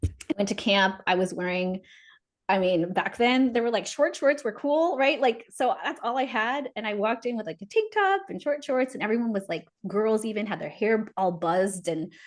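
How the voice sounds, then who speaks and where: A woman in her forties, a podcast guest, telling stories in a casual, animated way and laughing often. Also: medium pitch, normal speed. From United States. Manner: animated, laughs often, acts out quoted voices. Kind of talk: casual storytelling.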